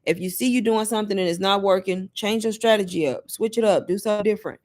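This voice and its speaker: A woman's voice: mid-range voice, quick pace, a little mellow. A woman hosting a casual live Q&A stream, chatty and laughing often, talking straight to her viewers as y'all. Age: adult mother. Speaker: livestream host answering viewer questions.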